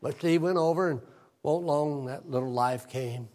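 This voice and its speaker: An older male pastor, possibly, preaching a sermon. He tells a personal story and reads scripture aloud, dropping low and soft for emphasis. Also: moderate pace.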